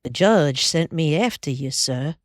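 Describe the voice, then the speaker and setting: A woman voicing a grave, soft-spoken Southern cowboy in an audiobook, polite and slow in a Southern drawl. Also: low-pitched, lively intonation, no room sound, clean studio sound. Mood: grave, civil. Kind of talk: audiobook character voice.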